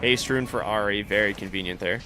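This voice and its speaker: Bright-voiced man calling plays. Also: fairly low pitch, fairly quick, a little hiss or hum. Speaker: esports commentator. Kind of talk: live play-by-play commentary.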